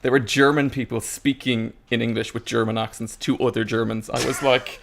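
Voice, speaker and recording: A man reviewing films in a casual panel chat, animated and mimicking voices as he talks. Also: medium pitch, normal speed, gravelly, background noise. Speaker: film reviewer.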